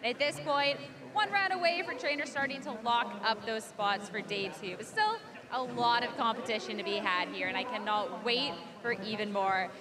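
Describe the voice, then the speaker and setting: A woman with a high voice hosts a live event with bright enthusiasm. Crowd chatter carries clearly behind her. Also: moderate pace. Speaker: event host.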